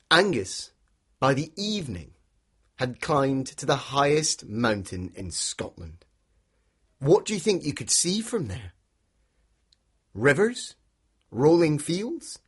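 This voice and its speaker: Male storyteller for children, slow and husky, lots of pitch swings, keeps inviting the kids in. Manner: animated, inviting listeners to join in. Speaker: storyteller guide for a children's walk.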